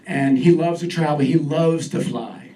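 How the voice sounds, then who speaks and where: A man's voice: fairly high pitch, a little slow, dark tone. A man doing a stand-up comedy set on a club stage, talking in a loose, self-deprecating way. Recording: distant stage mic with crowd. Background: audience laughter.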